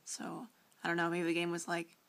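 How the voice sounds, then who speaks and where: A young woman talks casually to a friend on camera, rambling through her thoughts with plenty of fillers, restarts and little giggles. Her voice sits on the low side for a woman. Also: completely flat delivery, fairly quick, vocal fry, fairly bright tone, a little hiss or hum. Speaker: vlogger replying to a friend. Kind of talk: casual video reply.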